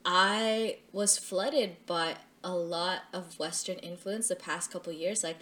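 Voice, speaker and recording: A woman's voice: lowish voice, steady tone, takes it slowly, fairly bright tone. A young adult woman who works as a lash tech, talking in a candid, casual way, laughing often and swearing freely. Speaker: lash tech and podcast co-host. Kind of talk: casual chat.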